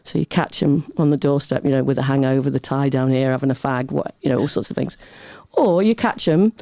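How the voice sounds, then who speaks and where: A middle-aged woman, a guest on an interview show, telling lively, self-deprecating anecdotes in casual chat, often breaking into laughter. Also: very deep voice, brisk, gravelly, no room sound. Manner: chatty, animated anecdotes with laughter.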